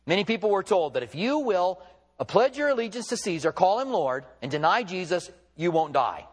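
A man's voice: high-pitched, big pitch swings, fairly quick, husky. A male pastor preaching a sermon, retelling the story with quoted dialogue in an emphatic, storytelling way.

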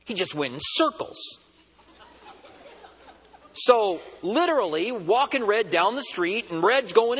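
A man preaching a sermon, telling a funny story with animated delivery. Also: very high voice, breathy edge, long reverb tail. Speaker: pastor. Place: church.

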